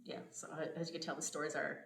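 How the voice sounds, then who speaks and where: An American woman hosts a podcast from a home abroad, talking indoors in an echoey room. Her voice is low, slightly bright, and level in tone, and she speaks quickly. It's a casual chat full of storytelling, and she laughs often.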